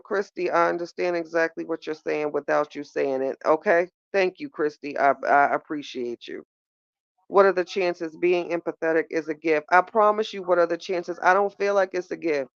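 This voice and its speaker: A woman with hosts a casual livestream, talking right to her viewers. She is animated and repeats phrases for emphasis, her voice smooth and resonant. The sound is dry and close, a little dull. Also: low voice, no room sound. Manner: animated, repeats phrases, talks straight to chat. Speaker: livestream podcast host.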